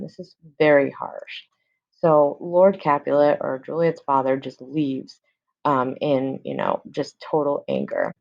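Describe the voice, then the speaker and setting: A woman teacher walks through a play in a relaxed, chatty way with lots of fillers. Her voice is low and gravelly. The recording sounds dull and lo-fi. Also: a little slow. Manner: casual paraphrasing, many fillers. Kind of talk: recorded lesson explaining a play.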